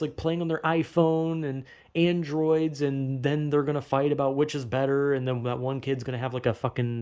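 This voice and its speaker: A man's voice: mid-range voice, a little mellow. A young man giving a rambling, profane casual commentary, often stumbling and restarting. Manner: profane, rambling, self-interrupting with laughs. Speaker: video essayist.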